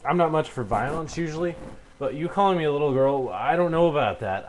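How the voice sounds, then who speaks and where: A man's voice: a little high, expressive, brisk, a little hiss or hum, rough recording. A young man delivering an angry, heated rebuttal rant into a webcam at home, cursing and stumbling over fillers. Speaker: video blogger.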